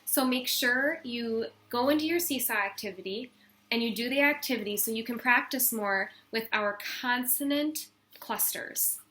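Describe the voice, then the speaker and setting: A woman teacher giving a recorded phonics lesson to young children, patient and sounding out letter sounds slowly and deliberately. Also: on the high side, sharp tone. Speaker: elementary school teacher.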